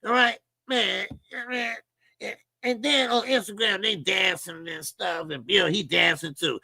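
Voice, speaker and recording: A man's voice: high voice, unhurried, vocal fry, bright, forceful tone, no echo. A middle-aged man hosting a boxing talk channel, ranting casually and profanely, often mimicking people in a mocking voice. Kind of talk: casual commentary monologue.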